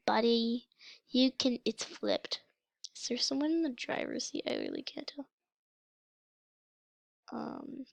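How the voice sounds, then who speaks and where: A young woman casually commenting on her gameplay for her channel, chatty and excitable, with a slight cough. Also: a little high, slow, creaky, long pauses, no room sound. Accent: mock British, put on. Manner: chatty, excitable, breaks into gasps and shouts. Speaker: gaming channel host.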